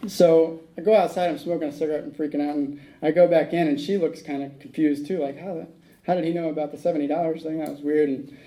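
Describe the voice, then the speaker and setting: A man's voice: fairly high pitch, fairly even intonation, fast talker, dark tone, rough recording. A man speaking at a recovery meeting, telling a rambling personal story, acting out the dialogue and laughing at his own tale.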